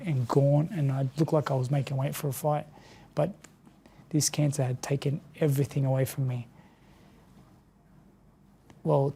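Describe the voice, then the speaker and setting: A man's voice: medium pitch, vocal fry, dark tone, breathy edge. A tired Australian man and former boxer, talking earnestly and emotionally as an interview guest. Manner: earnest, heartfelt, repeats words when moved.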